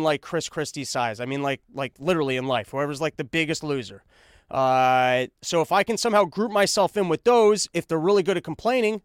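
A man's voice: high-pitched, no echo, clean studio sound. A man hosting a podcast, delivering a sarcastic, rambling comedic monologue. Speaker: podcast host.

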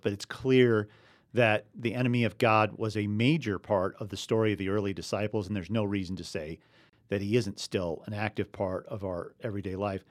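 A man's voice: on the low side, fairly even intonation, brisk, no room sound, studio quality. A man co-hosting a casual faith discussion, explaining earnestly and chuckling now and then. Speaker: podcast co-host.

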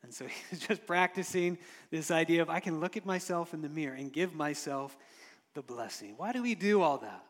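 A man's voice: a little high, lively intonation, a little fast. Man preaching in a reverberant hall. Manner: storytelling, rises and drops in loudness, occasional chuckles. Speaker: pastor. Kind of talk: sermon.

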